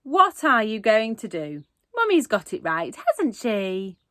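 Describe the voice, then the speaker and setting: A woman's voice: a little high, huge pitch swings, slow pace, a bit bright, dry recording, studio quality, exaggerated voice. A woman reading aloud and voicing a creepy, falsely sweet female dentist who calls herself Mummy. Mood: sickly sweet. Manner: falsely sweet, mock-polite.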